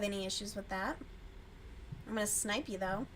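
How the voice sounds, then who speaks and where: A woman's voice: medium pitch, moderate pace, long pauses, fairly bright tone, slight background noise. A woman hosting a casual livestream while crocheting, chatting loosely, swearing freely and answering her chat as she goes. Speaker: livestream host.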